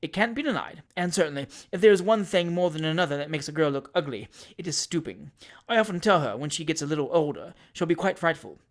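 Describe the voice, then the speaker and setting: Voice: medium pitch, animated, fast, close to an everyday voice. A reader voicing a coy middle-aged spinster aunt who gossips in arch, flirtatious whispers, in an audiobook of a classic novel.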